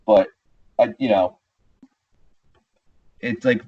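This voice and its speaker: A man's voice: lowish voice, extremely slow, slightly rough. A man co-hosting a podcast in casual sports chat, ranting animatedly and calling people "dude" and "bro.". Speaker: podcast co-host. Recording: dull lo-fi sound.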